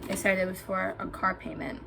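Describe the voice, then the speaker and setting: A young woman telling a story about getting scammed to her viewers in a vlog, animated and emphatic, getting heated as she goes. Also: medium pitch, a little fast, vocal fry, background noise. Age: young adult. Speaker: vlogger.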